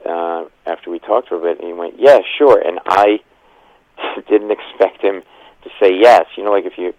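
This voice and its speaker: Deep-voiced and steady, this Providence, Rhode Island comedian in his fifties tells fast, animated stories in an interview, performing the quotes of people in them amid laughs. The audio is lo-fi with no room sound.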